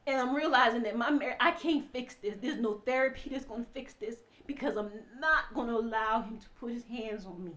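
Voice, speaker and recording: A woman telling her own painful story through tears, impassioned, dropping to a hush and then rising to forceful outbursts. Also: a little high, brisk, hardly any pauses. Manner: impassioned, swinging from hushed to loud and forceful. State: crying. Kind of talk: emotional personal testimony.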